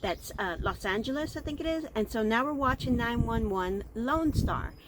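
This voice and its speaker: A woman's voice: on the high side, expressive, moderate pace, very noisy. A middle-aged woman from Texas with a Texan accent, hosting a casual chat show and rambling as she stumbles over her words. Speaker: podcast host.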